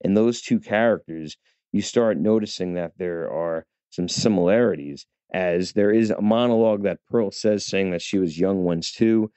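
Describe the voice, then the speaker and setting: A man's voice: low-pitched, normal speed, warm tone, clear, resonant tone, no room sound. A man giving a chatty, casual film review, talking straight to his viewers with many fillers and restarts. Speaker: movie reviewer. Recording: dull, lo-fi dry recording.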